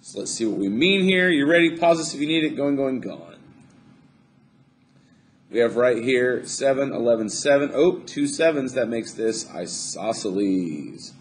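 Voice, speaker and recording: A man's voice: mid-range voice, animated, a little slow. A man teaching a recorded math lesson, chatty and upbeat, joking to himself as he draws on screen. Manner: upbeat, chatty, jokes to himself while drawing.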